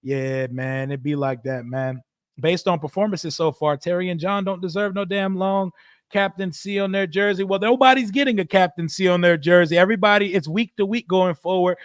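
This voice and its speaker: On a clean, dry studio recording, a high-pitched man speaks at a moderate pace. He's running a live football watch stream, reading viewers' chat out loud and calling plays with loose, profane humor in casual reaction and play-by-play.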